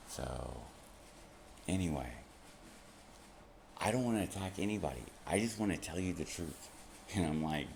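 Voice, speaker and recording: A man's voice: low-pitched, expressive, a little slow, gravelly, long pauses, a little mellow, a little hiss or hum. A young man talking to camera in a rambling, casual monologue, laughing often and swearing freely. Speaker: vlogger.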